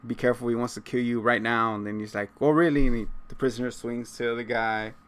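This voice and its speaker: A man with a smooth, resonant voice co-hosting a relaxed recap chat. He retells scenes by acting out each character's lines in quick quotes. He laughs often as he talks. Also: mid-range voice. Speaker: podcast co-host.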